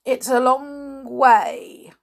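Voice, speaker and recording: A woman putting on a slow, dim-witted villager man. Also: high voice, gravelly, voice pushed up, full character voice. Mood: slow, grave. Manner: slow, grave, drawn-out.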